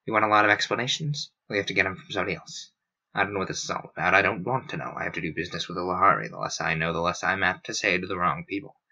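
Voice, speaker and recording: A man voicing a stern, grim male manager who talks in a flat, clipped, deadpan way, on a dull lo-fi recording. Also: sits low, rapid-fire, creaky, voice pushed down, full character voice. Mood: guarded.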